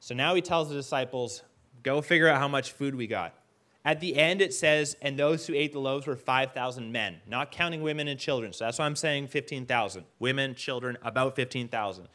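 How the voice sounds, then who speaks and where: A man preaching a casual sermon, retelling the story in an animated way and acting out the characters as he goes. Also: mid-range voice, brisk, few pauses. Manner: leads the audience to stand and call out.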